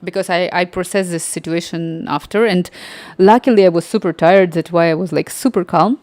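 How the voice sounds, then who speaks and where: Animated woman telling a story, dry sound. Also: fairly low pitch, fairly quick, no echo. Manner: animated, acts out quoted dialogue. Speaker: livestream host. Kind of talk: casual storytelling.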